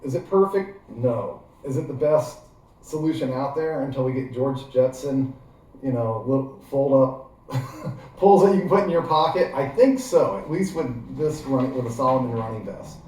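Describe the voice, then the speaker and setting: A man's voice: medium pitch, lively intonation, moderate pace, a little mellow. A man with a Midwestern American accent from Ohio, giving a chatty, digressive how-to demonstration full of fillers. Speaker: gear how-to vlogger. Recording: very echoey room, voice far from mic.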